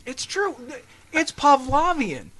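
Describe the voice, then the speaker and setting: Give me a bright, animated man hosting a casual podcast. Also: extremely high pitch, takes it slowly. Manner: animated storyteller, laughs often. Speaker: podcast host. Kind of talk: casual chat.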